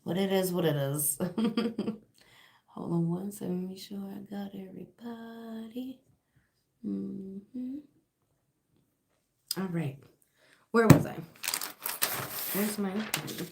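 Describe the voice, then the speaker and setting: A woman's voice: medium pitch, takes it slowly, creaky, long pauses, a little mellow. A woman with a sore, dry throat, hosting a casual livestream as a spiritual reader and shop owner, chatting in a rambling way with lots of fillers and laughs.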